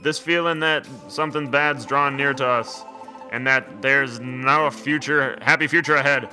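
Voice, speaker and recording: A man's voice: medium pitch, fairly even intonation, a little slow, sharp tone, faint music behind. A man putting on a gloomy dog creature. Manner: folksy, old-fashioned dialect words. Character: gloomy male dog creature with folksy Scots talk.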